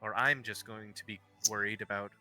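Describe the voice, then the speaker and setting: A man voicing a wary, protective woman who speaks in a worried, measured way. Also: fairly low pitch, fairly even intonation, pushed and bright.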